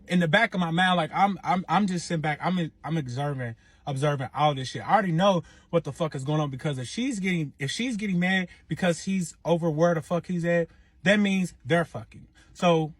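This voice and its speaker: A young man tells a wild personal story in a husky, breathy voice, with a dry, close sound. He swears freely and keeps checking in with his listener as he goes. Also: fairly high pitch, dry recording. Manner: animated, profane, says 'you know what I'm saying' a lot. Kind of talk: casual storytime monologue.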